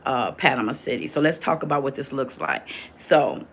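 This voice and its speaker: A woman's voice: extremely low pitch, lively intonation, normal speed, a little hiss or hum. An older woman in her sixties, chatting casually on a livestream as host, reading viewers' comments aloud and answering them.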